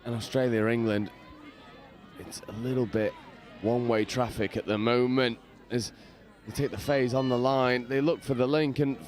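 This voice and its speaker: A male commentator calls the action from a balcony above an outdoor pitch. His voice sits at a middle pitch, and his lively play-by-play is sprinkled with casual slang. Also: normal speed, some chatter behind. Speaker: match commentator. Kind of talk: live sports commentary. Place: on a balcony above the sideline at an outdoor sports ground.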